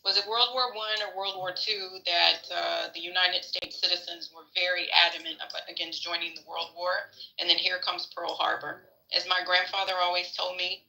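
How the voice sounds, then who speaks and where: A woman's voice: lowish voice, level tone, normal speed, vocal fry, few pauses, bright, forceful tone, rough recording. A woman sharing frank, opinionated views in a casual political discussion, swearing freely.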